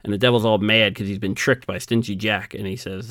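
Male podcast co-host, low voice, dry close mic, chatty storyteller who does little character voices. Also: fairly even intonation, moderate pace, few pauses, a bit bright, no room sound. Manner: laughs often, acts out quoted characters. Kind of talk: casual storytelling chat.

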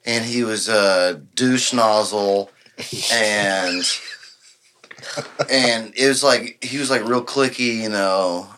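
A man, low-pitched and bright, spins a loose, rambling story. He acts out each quoted line and keeps laughing between them, in easy podcast chat. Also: takes it slowly, a little hiss or hum. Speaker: podcast guest. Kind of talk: casual storytelling.

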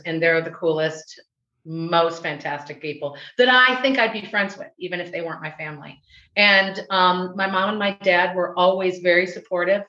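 A woman from the US Midwest, an actress being interviewed, telling stories in a lively, chatty way full of restarts. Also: sits low. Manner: animated, chatty storyteller with laughs and restarts. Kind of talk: casual interview chat. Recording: roomy, dull recording.

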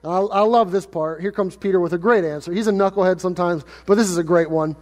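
Male pastor, expressive sermon delivery, high voice, long church reverb. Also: quick pace. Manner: expressive preaching, acts out quoted lines in lively paraphrase.

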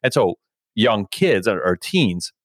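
A man's voice: lowish voice, big pitch swings, takes it slowly, dry recording. A man hosting a podcast in casual conversation, rambling with constant filler words and swearing freely. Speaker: podcast host.

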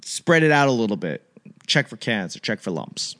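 A man's voice: mid-range voice, moderate pace. Rambling man chatting casually. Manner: rambling, animated storytelling with lots of fillers. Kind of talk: casual solo chat.

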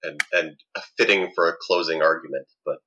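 A man speaking as a podcast guest in casual chat, relaxed and rambling, with lots of "like"s. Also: extremely low pitch, a little fast, dull audio, a little hiss or hum. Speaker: podcast guest, game master.

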